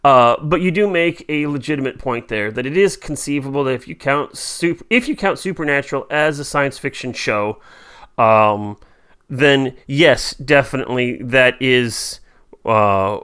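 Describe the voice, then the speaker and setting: A man's voice: medium pitch, unhurried, a bit bright, smooth. A man co-hosting a podcast in casual chat, playful and rambling as he riffs. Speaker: podcast co-host.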